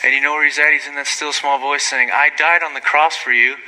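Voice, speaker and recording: A man giving an informal, rambling sermon, full of asides and quick apologies, rising sharply when he gets excited. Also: a little high, poor audio. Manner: rambling, self-deprecating, frequent asides and apologies; animated, voice jumping up when excited. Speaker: lay preacher.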